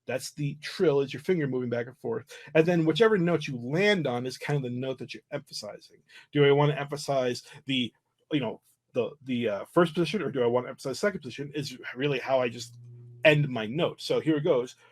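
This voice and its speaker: A man explaining flute technique in a relaxed livestream lesson, often restarting and filling pauses. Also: medium pitch. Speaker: flute teacher.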